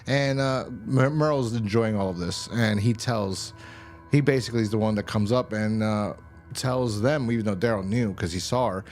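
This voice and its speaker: A man's voice: lowish voice, moderate pace, a little mellow, soft background music. A man casually recapping a TV episode as a reviewer, rambling and slangy with lots of fillers. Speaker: TV show reviewer.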